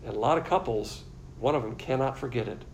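A man delivering a teaching sermon at a mid-range pitch, explaining terms patiently and circling back to repeat his main points. A faint hiss sits under the recording. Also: brisk, poor audio. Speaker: Bible teacher.

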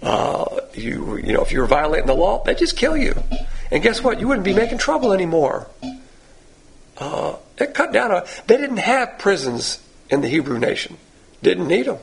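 A man's voice: high voice, big pitch swings, normal speed, creaky. A man teaching a sermon on the Bible in a blunt, folksy, emphatic way.

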